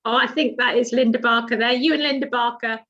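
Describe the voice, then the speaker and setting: A woman with an English accent co-presenting a landscape design online in a measured way, with light teasing. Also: on the high side, fairly even intonation, a bit bright, dull audio. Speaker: landscape architect.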